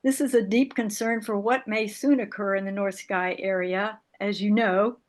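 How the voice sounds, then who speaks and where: An older woman losing her voice, giving a measured, formal public comment at a city board meeting. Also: medium pitch, steady tone. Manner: measured, formal, reads prepared points.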